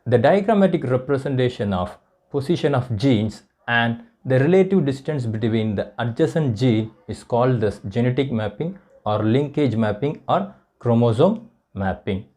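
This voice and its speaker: A man with an Indian English accent, teaching a biology lesson and slowly repeating each point as if for dictation. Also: mid-range voice, lively intonation, warm tone. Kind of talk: classroom lecture.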